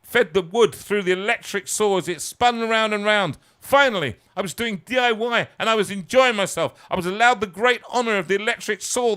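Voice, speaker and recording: Wry storyteller. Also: male voice, high voice, brisk, hardly any pauses, a bit bright, clean tone. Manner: wry, self-mocking asides. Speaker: singer and storyteller. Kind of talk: live storytelling, reading his own story.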